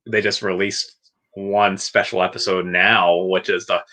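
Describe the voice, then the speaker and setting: A man with a lowish but bright, forward voice chats loosely about films and TV on a livestream. He rambles, restarts sentences and laughs between points. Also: level tone, a little slow. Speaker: podcast co-host. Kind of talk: casual livestream chat.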